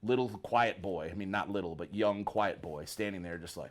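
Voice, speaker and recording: A man from northern Michigan, a bass player guesting on an interview, telling rambling stories in a laid-back, slangy way. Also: normal speed, few pauses. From northern Michigan, USA. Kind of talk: casual storytelling interview.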